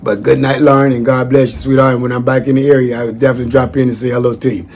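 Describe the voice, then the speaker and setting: A man giving friendly shout-outs in a chatty, folksy monologue that wanders off on tangents. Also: mid-range voice, flat delivery, racing. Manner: chatty, folksy, digressive, calls listeners "man". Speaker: former social worker. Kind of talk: casual rambling monologue.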